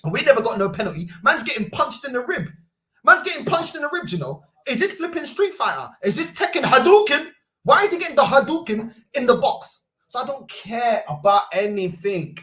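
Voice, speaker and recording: A young man, hosting a football fan livestream with loud, mocking banter and rapid-fire rhetorical questions. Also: extremely high pitch, very animated. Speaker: host. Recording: roomy echo.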